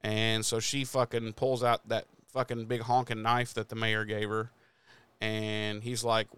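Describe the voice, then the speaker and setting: A man's voice: on the low side, flat delivery, measured pace, fairly bright tone, clean tone. A man casually recapping a TV episode, rambling, swearing freely and laughing often. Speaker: podcast host recapping episodes. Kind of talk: casual profane recap chat.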